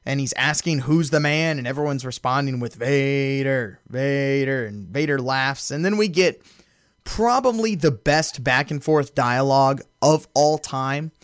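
A man's voice: mid-range voice, normal speed, dry recording, clean studio sound. A man hosting a podcast, recapping a wrestling show in casual chat, amused and storytelling with frequent fillers. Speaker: podcast host.

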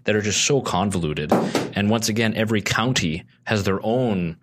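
A man's voice: fairly low pitch, normal speed, very noisy. A man speaking as a guest on a casual podcast, earnestly explaining policy at length with frequent restarts.

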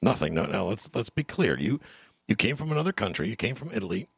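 A man's voice: on the low side, very animated, quick pace, vocal fry, breathy edge, no echo. A middle-aged man hosting a casual interview show, chatty and joking with lots of restarts. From United States. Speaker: host.

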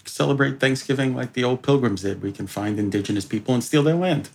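A man's voice: medium pitch, fast, gravelly, darkish tone, a little hiss or hum. A man from New York co-hosting a podcast, trading dry, sarcastic jokes in casual chat. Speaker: podcast co-host.

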